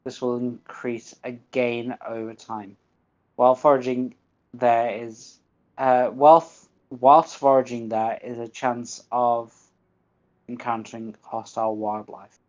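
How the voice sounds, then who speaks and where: Man, gaming livestream commentary, chatty, self-mocking, reads game text aloud, slow delivery, dull lo-fi audio. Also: medium pitch, little pitch movement, darkish tone. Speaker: gaming streamer.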